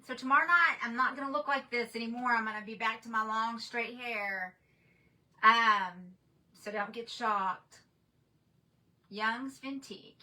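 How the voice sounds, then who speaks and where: A woman hosts a casual crafting livestream, chatting and answering viewer comments. Her voice sits a little high and sounds bright and forceful. She rambles, restarting her sentences and filling pauses. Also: recorded from a distance, low-quality recording.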